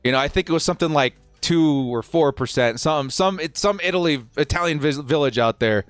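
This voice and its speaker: A young man hosting a live stream, talking in a slightly high, relaxed, chatty voice as he answers questions from his viewers. The sound is dry and close, with faint music under it. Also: fairly quick, clean tone, dry recording. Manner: chatty, answers chat questions, laid-back. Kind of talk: casual watch-party chat.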